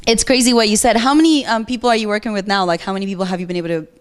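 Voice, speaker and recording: A woman hosting a TV interview, switching between narrating to the audience and asking questions, curious and quick to laugh. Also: mid-range voice, steady tone, clean tone. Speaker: TV host.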